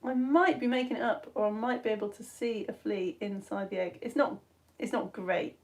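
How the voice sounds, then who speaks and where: A middle-aged woman from the UK with a cough and cold, chatting casually as she hosts a live children's science show and reads out viewer comments, giggly and at times dropping to soft asides. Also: medium pitch, normal speed. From United Kingdom. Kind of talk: casual live-stream chat reading comments. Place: at home on the sofa.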